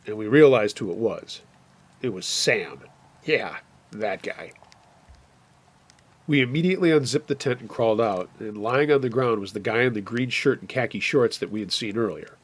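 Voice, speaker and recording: A man retelling a true scary camping story in a steady, plainspoken way. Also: mid-range voice. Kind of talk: narrated first-person scary story.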